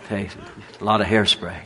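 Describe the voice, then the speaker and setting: A man preaching a sermon in a folksy, storytelling way with a husky voice. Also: lowish voice.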